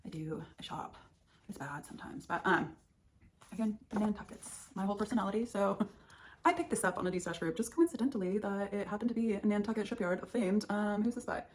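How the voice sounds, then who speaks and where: A woman's voice: medium pitch, animated, fairly quick, slight background noise. A young woman hosting a stitching vlog, chatting casually and thinking aloud as she shows her purchases. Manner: chatty, rambling, thinks aloud with many ums. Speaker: flosstube host. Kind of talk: casual chat showing stitching haul.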